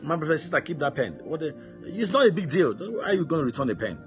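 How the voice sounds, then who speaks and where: A man's voice: sing-song, fast, soft background music. A man preaching puts on the voice of a pushy woman who waves off someone's wish to be honest. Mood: dismissive. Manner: dismissive, high-pitched mocking tone.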